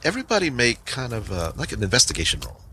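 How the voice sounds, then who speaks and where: A man's voice: mid-range voice, wildly swooping pitch, fast, background noise. A man running a tabletop game as game master, describing scenes in a rambling way with many fillers.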